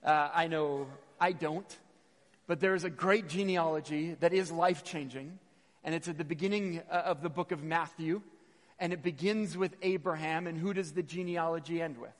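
A man's voice: on the high side, normal speed. A man preaching in a reverberant hall. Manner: animated storytelling, repeats phrases, occasional stumbles. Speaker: missionary preacher. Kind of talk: sermon with personal stories.

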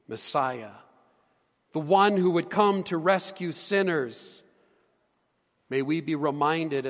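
A middle-aged man, a pastor, preaching a sermon with earnest emphasis that drops to hushed tones. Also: mid-range voice, in a large hall. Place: church sanctuary.

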